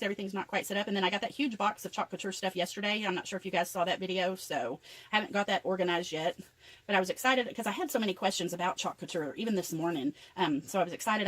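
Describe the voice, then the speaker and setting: A woman's voice: mid-range voice, low-quality recording. An older woman chattily narrating each step of a craft tutorial as she works. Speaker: craft vlogger.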